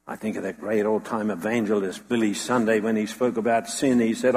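Dramatic preacher in an echoing hall. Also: male voice, on the low side, steady tone, fairly quick, few pauses, a little mellow. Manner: dramatic storytelling, acts out quoted voices. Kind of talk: sermon. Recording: long hall reverb.

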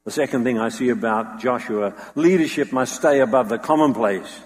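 A man's voice: mid-range voice, moderate pace. A man preaching a sermon with dramatic storytelling, acting out the voices he quotes. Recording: long hall reverb.

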